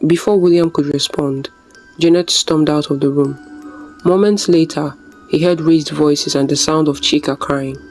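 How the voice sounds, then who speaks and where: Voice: medium pitch, fairly even intonation, normal speed, a little mellow, faint music behind, poor audio. A storyteller narrating a scripted folktale in a dramatic, suspenseful way.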